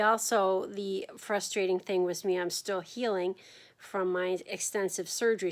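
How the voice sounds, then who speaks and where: A woman sharing her experience in a casual video diary, talking to the camera at home in a tired, unhurried way with frequent ums and yawns. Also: medium pitch. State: fatigued from chemotherapy. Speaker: vlogger sharing her chemotherapy journey.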